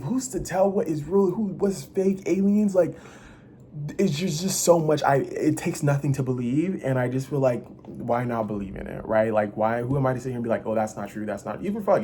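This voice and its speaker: A man talking straight to the camera in a rambling confessional vlog, swearing freely and restarting his sentences. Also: slight background noise. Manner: rambling, restless, swings between loud bursts and low mutters; profane and self-interrupting. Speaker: vlogger. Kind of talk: casual confessional monologue.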